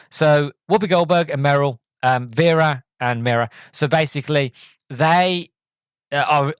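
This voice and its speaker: Guy rambling through a movie recap, dry close mic, pretty average pitch. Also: dry recording. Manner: rambling, enthusiastic, many restarts. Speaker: podcast host. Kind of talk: casual movie review.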